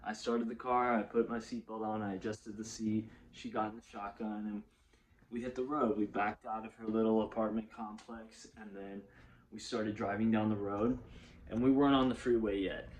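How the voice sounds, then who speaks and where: A man's voice: fairly low pitch, flat delivery, normal speed, a little mellow, slight background noise, poor audio. A young man telling a personal story in a casual, rambling way, swearing freely, correcting himself and laughing often.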